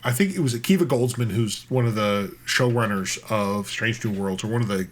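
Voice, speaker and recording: A man co-hosting a podcast in casual chat, animated and rambling, with frequent restarts and casual swearing. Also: on the low side, a little fast. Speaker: podcast co-host.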